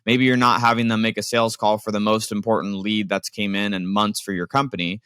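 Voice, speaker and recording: A man's voice: on the low side, level tone, brisk, fairly bright tone, clean tone, dry recording. A man, a business owner, explaining delegation in a conversational, emphatic way with many fillers. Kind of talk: casual instructional talk.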